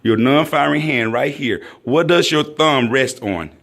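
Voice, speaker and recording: A man's voice: medium pitch, unhurried, creaky, fairly bright tone. A man teaching a hands-on training class, praising often and calling out drill commands. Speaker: firearms instructor.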